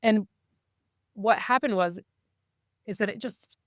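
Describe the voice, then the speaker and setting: A woman guest in a casual interview, telling stories in a lively way and acting out what people said. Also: medium pitch, takes it slowly, dry recording, studio quality. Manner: lively, acts out quoted dialogue. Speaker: podcast guest, intuitive reader.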